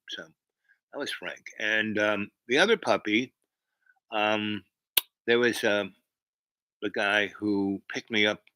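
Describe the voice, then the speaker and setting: A man's voice: lowish voice, sharp tone, no echo, rough recording. A man hosting a livestream, telling a meandering story to his chat with many fillers and restarts. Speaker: livestream host.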